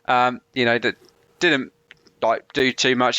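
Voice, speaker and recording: A man's voice: medium pitch, steady tone, slow, sharp tone, no room sound. A man co-hosting a podcast, chatting about wrestling in a rambling way that keeps losing its thread. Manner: rambling, loses his thread, hedging. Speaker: podcast co-host. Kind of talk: casual wrestling review chat.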